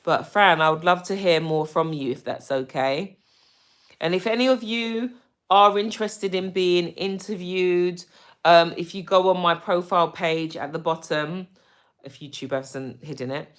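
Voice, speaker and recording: A woman from the UK hosting a casual live stream, greeting viewers with lots of ums and gushing when she gets excited. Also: lowish voice, measured pace. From United Kingdom. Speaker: livestream host.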